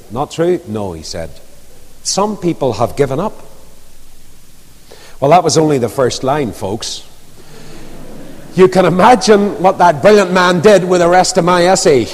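A man preaching a sermon, telling stories with lively emphasis. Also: on the high side. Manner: storytelling, animated, rising and falling emphasis. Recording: long reverb of a large hall.

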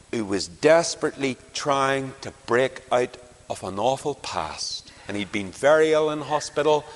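A man from Northern Ireland with a Northern Irish accent, preaching a sermon and telling stories from his own encounters. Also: medium pitch. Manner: storytelling with anecdotes, animated swings. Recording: long reverb in a hall.

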